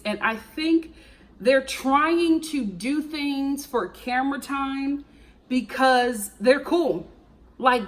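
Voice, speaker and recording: A woman hosting a casual reality TV review, sassy and animated, laughing often and acting out what the cast said. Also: fairly high pitch. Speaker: reality TV recap host.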